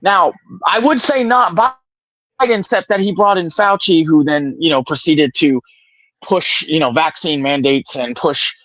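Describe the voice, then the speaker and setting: A young man with a high, tenor voice argues his case insistently, hammering the same points again and again. The sound is close and dry, with no room echo at all. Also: a bit bright. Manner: rapid, insistent, repeats points. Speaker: debater on a live political stream. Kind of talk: heated political argument.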